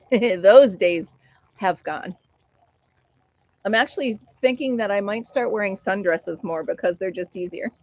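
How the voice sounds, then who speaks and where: A woman's voice: medium pitch, unhurried, long pauses, a little mellow, dry recording, muffled recording. A middle-aged American woman hosting a casual live stream chat, telling a funny story and laughing often as she reads viewer comments.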